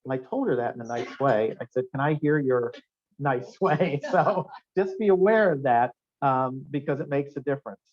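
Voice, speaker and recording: A man's voice: medium pitch, brisk, few pauses. Brief: male keynote speaker, upbeat storyteller, lo-fi restaurant event recording. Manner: animated storyteller, quizzes the audience with questions. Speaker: guest speaker. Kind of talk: anecdotal seminar talk. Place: restaurant function room. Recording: dull lo-fi room recording.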